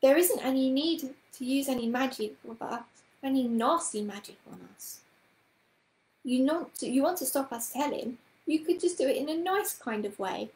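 A woman's voice: sits high, animated, moderate pace, darkish tone, reverberant, low-quality recording. A woman voicing an eager, earnest young girl who speaks breathlessly and pleadingly.

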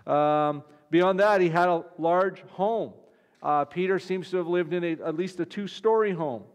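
A man's voice: high-pitched, unhurried, clean tone. A man, a pastor, preaching a conversational sermon with frequent restarts. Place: church. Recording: long reverb of a church hall.

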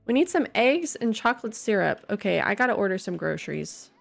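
A young woman casually commenting on a life-sim game she plays, her voice hoarse and congested, breaking into loud squeals of alarm now and then. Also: mid-range voice, big pitch swings, brisk. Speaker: gaming streamer. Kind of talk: casual let's-play commentary. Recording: faint game music behind.

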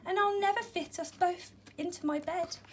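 A woman's voice: very high-pitched, moderate pace, slight background noise. A woman voicing a frightened little boy who has lost his teddy in the woods, pleading breathlessly. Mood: surprised.

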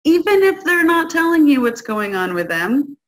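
A woman's voice: high voice, moderate pace. A woman guest-hosting a parenting talk, speaking conversationally and often checking in with the listener. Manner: conversational, keeps checking in with "right?"; acts out quoted parents and kids in lively voices. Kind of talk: casual teaching talk to an audience.

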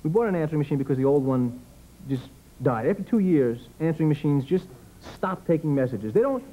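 A man's voice: on the high side, lively intonation, brisk, lo-fi sound. A man chatting as a comic guest on a talk show, rambling and self-deprecating, slipping into little acted voices. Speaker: comedian guest.

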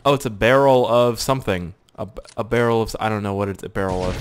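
A young Canadian gaming YouTuber, mid-range in pitch, speaks a little fast and rarely pauses, with a slight hiss or hum on the track. Expect crude jokes, frequent swearing and lively outbursts throughout his gameplay commentary.

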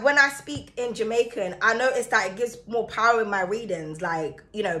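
A woman's voice: mid-range voice, pushed and bright. A woman from the Caribbean giving a chatty, emphatic tarot reading, speaking straight to the viewer. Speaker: tarot reader.

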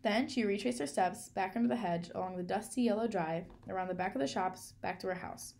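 Woman storybook reader, measured and clear, mid-pitched with some vocal fry. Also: a little mellow. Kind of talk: storybook read-aloud.

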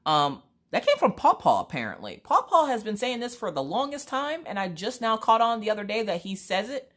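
A woman, chatting away as she works on a craft. Her stories ramble, and her pitch swings widely as she tells them. She sounds like a casual, chatty vlogger. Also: fairly quick. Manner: animated rambling storyteller. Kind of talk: casual chat while crafting.

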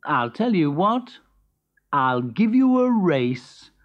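A woman voicing a patient male tortoise in a storybook reading, slow and deliberate. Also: fairly low pitch, very animated, highs cut off.

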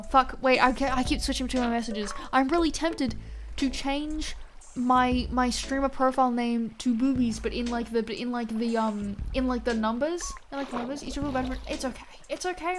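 Bubbly high-voiced young woman streamer. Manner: bubbly, rambling, internet slang, frequent laughs. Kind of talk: casual live-stream chat while gaming. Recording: music playing behind.

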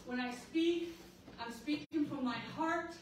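A woman's voice: high-pitched, slow. A woman giving an emphatic public speech at a community center, repeatedly checking in with "okay?". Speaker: community organizer speaking at a candidate forum. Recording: echoey hall, distant mic, noisy.

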